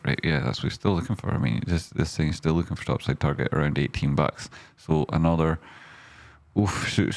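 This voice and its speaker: Rambling man with a low voice. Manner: rambling, profane, swings into loud rants; talks to himself and his audience. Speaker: stock market show host. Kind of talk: casual chart commentary.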